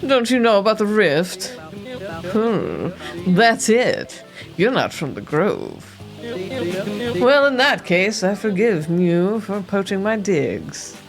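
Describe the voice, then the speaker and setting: A woman voicing a laid-back, party-loving cat man, reading his game lines slowly. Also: medium pitch, sing-song, music in the background.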